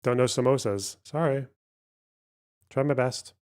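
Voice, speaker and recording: In an unhurried, medium-pitched voice with a darkish tone, a man hosts a live stream of casual chat, reading donations and mumbling and cursing as he reasons through a word puzzle.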